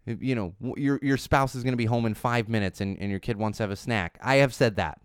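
A man's voice: mid-range voice, quick pace, few pauses, clean tone, no echo, clean studio sound. A man in his thirties hosting a parenting talk, emphatic and repetitive, with many fillers and restarts. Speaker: parenting podcast host. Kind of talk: casual solo talk.

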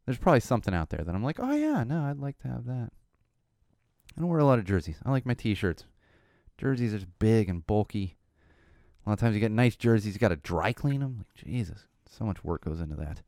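Lively, slightly hoarse man chatting. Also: on the low side, fast, no echo, studio quality. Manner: rambling, animated, frequent "uh" fillers. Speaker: podcast host. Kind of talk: casual solo chat.

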